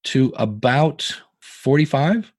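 Animated fifty-something man telling stories. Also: mid-range voice, slow, dry recording. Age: 50s. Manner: animated, self-deprecating storyteller. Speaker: podcasting guest. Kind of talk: casual interview talk.

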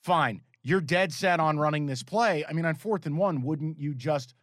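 A man's voice: a little high, moderate pace, fairly bright tone, dry recording, studio quality. A man co-hosting a sports betting podcast, telling stories in a profane, exasperated way. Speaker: podcast co-host. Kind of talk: casual sports betting chat.

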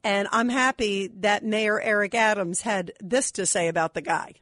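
A woman's voice: mid-range voice, fairly even intonation, normal speed, a bit bright, no room sound, studio quality. A woman hosting a talk radio show, indignant and emphatic as she takes calls. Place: radio studio.

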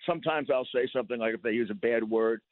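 An older man, a guest in a casual interview, talking haltingly, repeating words and laughing through his stories. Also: medium pitch, no echo. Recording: dry, thin phone-like line.

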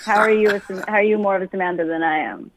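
A woman's voice: medium pitch, very fast, dry recording, rough recording. A young woman calling into a comedy show, brash and profane, laughing often. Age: young adult. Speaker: caller. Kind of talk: crude comedic call-in banter.

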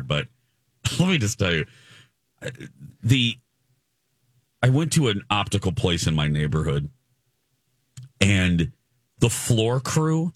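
Radio host, man in his 40s, low voice with lots of swing, dry studio sound, animated storyteller. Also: no echo. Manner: animated, self-deprecating, mimics people he meets. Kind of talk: casual morning-show storytelling. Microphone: studio microphone.

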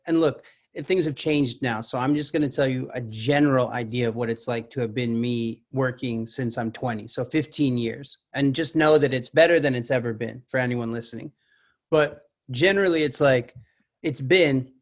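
A man's voice: medium pitch, moderate pace. Candid reflective man in his thirties. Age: 30s. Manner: candid, reflective, speaks in long winding thoughts. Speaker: guest, actor and musician. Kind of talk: casual podcast conversation.

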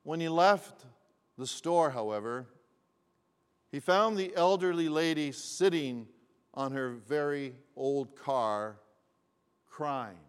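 A man preaching a sermon, telling a story slowly and deliberately with frequent repetitions. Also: on the high side, clean tone. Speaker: pastor. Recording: long hall reverb.

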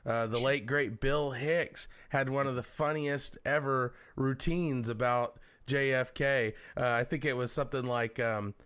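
A man's voice: medium pitch, steady tone, a little slow, hardly any pauses, fairly bright tone, clear, resonant tone. A man hosting a podcast, chatting casually and telling stories. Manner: chatty and storytelling, with a few fillers. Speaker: podcast host. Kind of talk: casual chat.

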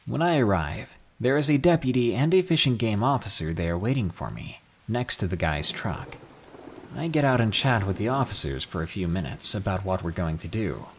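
Husky man narrating scary stories. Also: lowish voice, very animated, normal speed. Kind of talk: reading scary stories aloud.

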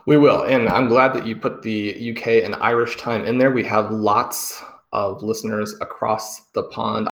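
A man's voice: fairly low pitch, fairly even intonation, measured pace, gravelly. A man co-hosting a podcast, chatty and enthusiastic as he analyzes. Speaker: podcast co-host. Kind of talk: casual podcast chat. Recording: roomy echo.

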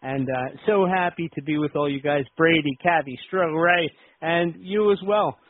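A man's voice: on the high side, normal speed, dry recording. A man hosting a radio talk show, joking around in a loose, casual way with plenty of filler words. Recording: dry, phone-like lo-fi audio.

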